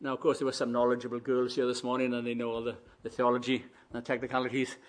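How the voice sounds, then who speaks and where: A man preaches a sermon in a mid-range voice, moving between quiet, reflective musing and loud, rising proclamation. His delivery is fast and completely flat.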